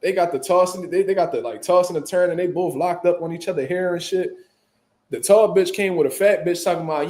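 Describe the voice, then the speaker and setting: A man telling a story in casual chat, animated and full of profane street slang. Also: high-pitched, a little fast, roomy sound. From Philadelphia, US. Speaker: boxing show host.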